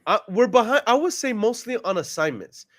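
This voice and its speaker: A man's voice: sits high, sing-song, a little fast, fairly bright tone, no echo, studio quality. A man hosting a casual vlog, talking upbeat and polite on a sales call, then joking with a friend. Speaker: real estate investor and vlog host. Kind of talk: casual phone call and chat.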